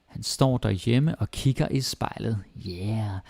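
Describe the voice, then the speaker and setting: A Danish-accented man with a low, gravelly voice walks learners through a language lesson at an easy pace. His explanations come step by step, and he drops into Danish words and phrases as he goes. The sound is dry and close, with no room echo. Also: unhurried. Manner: relaxed, explains step by step, switches between English and Danish.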